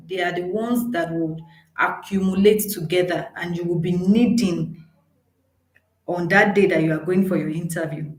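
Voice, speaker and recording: A woman's voice: lowish voice, a little slow. A woman giving an earnest motivational talk to students, repeating points for emphasis. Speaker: educator speaking to students. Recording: roomy echo.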